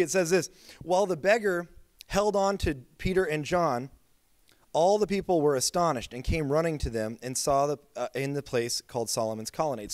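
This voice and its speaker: A man's voice: high-pitched, no echo. A man preaching a sermon as pastor, telling stories in a casual, chatty way with lots of filler words. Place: church.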